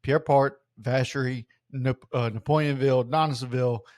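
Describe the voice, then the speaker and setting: A man's voice: medium pitch, steady tone, moderate pace, a little mellow, no echo, studio quality. A young man from South Louisiana with a local accent, telling loose, profane stories in casual podcast chat. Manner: loose, profane storytelling with many restarts. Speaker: podcast co-host.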